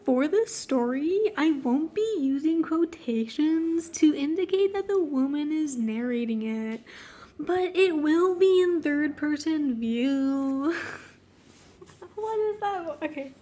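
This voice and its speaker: A high-voiced woman reading her own childhood story in an unhurried, easygoing way. She keeps breaking into giggles and poking fun at her writing between sentences. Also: expressive, dark tone. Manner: giggly, self-mocking, breaks off to laugh. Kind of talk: casual reading with joking commentary.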